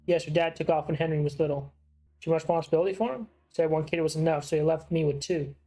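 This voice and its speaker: A man's voice: fairly high pitch, fast, dark tone. A man voicing a guarded, tired single mother while reading game dialogue aloud. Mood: curt.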